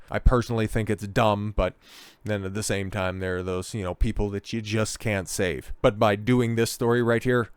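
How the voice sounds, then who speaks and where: A man's voice: fairly low pitch, smooth, no room sound. A man hosting a commentary video, talking in a blunt, profane, lecturing way. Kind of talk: casual commentary.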